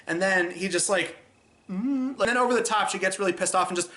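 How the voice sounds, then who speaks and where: A man's voice: sits high, brisk, bright, forceful tone. A man hosting a casual film review, chatty and exasperated, acting out scenes as he goes.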